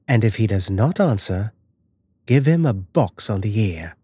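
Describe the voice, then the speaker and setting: A man's voice: on the low side, lively intonation, unhurried, mellow, husky, no room sound. Man doing a cold scheming stepmother. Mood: curt. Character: cold scheming middle-aged stepmother, woman.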